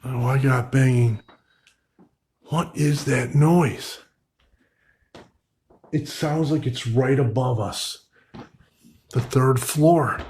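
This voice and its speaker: A man talks slowly and quietly while hunting for ghosts alone in an old house. His voice sits at a middle pitch, and he often drops nearly to a murmur as he questions whatever might be there. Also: slight background noise. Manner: hushed and startled, talking to spirits. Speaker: paranormal investigator. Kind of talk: solo ghost-hunting commentary.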